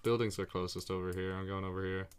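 A man livestreaming a geography guessing game chats excitably and casually with his viewers and himself, cursing freely. He has a low, clean-toned voice and talks fast.

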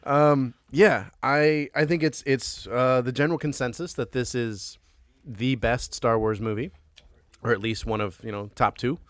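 A man hosting a casual movie review podcast, playful and animated, often laughing as he talks. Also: medium pitch, unhurried, dry recording. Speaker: podcast host and bartender.

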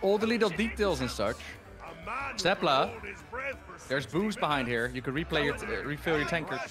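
A man's voice: fairly high pitch, expressive, normal speed, over loud music. A man streaming a video game with friends, joking in a laid-back, casual way. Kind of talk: casual gaming chat.

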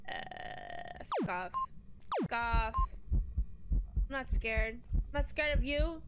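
A woman streamer giving profane, taunting gameplay commentary, yelling insults at the screen. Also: on the high side, lively intonation, extremely slow, loud music behind the voice.

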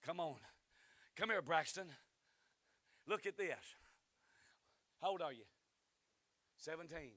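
A man preaching a revival sermon in a church, who climbs to shouting and calls for responses from the congregation. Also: on the high side, animated, slow pace, long pauses, no room sound. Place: church sanctuary.

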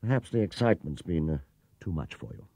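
A man's voice: deep voice, sing-song, a little fast, dark tone, no echo, studio quality, heavily acted. A man voicing a mild, puzzled middle-aged father who talks hesitantly.

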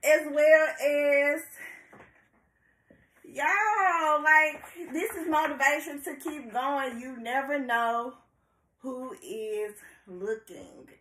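A bubbly woman chats to her viewers, her voice bright and fairly high. She speaks slowly and laughs often. The sound echoes around a room at home. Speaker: YouTube reviewer. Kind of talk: excited casual vlog.

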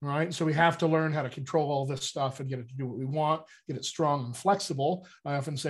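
Brief: male dialect coach, slightly high voice, lively and chatty, explains things like a teacher. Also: quick pace, hardly any pauses. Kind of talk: casual explanatory teaching talk.

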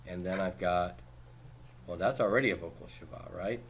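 A man teaching a class, reviewing homework by asking brisk questions and cracking dry jokes. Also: low-pitched, a little hiss or hum. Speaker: Hebrew teacher.

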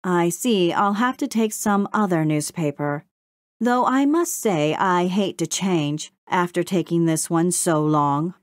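Lady doing a polite matter-of-fact beaver, low-ish voice. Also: measured pace, no room sound, studio quality, close to an everyday voice. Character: polite, earnest male beaver. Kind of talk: storybook reading.

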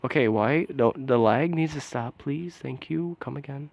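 Over a dry, narrow, tinny recording, a man talks through his gameplay at a moderate pace with hardly any pauses, his mid-range voice carrying vocal fry. The commentary is casual and excitable, full of exclamations and groans, now and then falling to a soft mutter.

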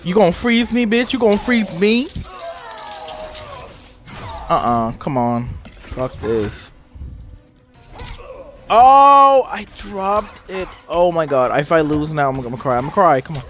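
A gaming streamer reacting live to a fighting game, with loud, profane trash talk and sudden high squeals. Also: lively intonation, normal speed, pauses often, faint music behind.

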